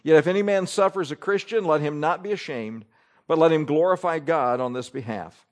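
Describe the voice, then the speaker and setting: A pastor preaching a sermon in church, reading Scripture aloud with emphatic rises and drops. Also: male voice, fairly high pitch, brisk.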